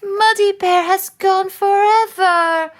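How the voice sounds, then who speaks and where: Squeaky excitable little moose girl, as a woman reads her. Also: takes it slowly, heavily acted. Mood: excited, pleading. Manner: high squeaky excited cries.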